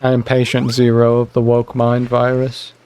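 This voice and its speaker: A young man chatting casually while streaming a game, rambling and animated, jumping high when he quotes other people. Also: normal speed, smooth.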